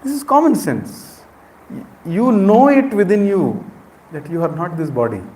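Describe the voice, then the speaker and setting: A high, dark, sing-song voice at normal speed belongs to a middle-aged man with an Indian accent. He's a spiritual speaker giving an interactive lecture in a temple hall, directly questioning the audience, and the recording echoes.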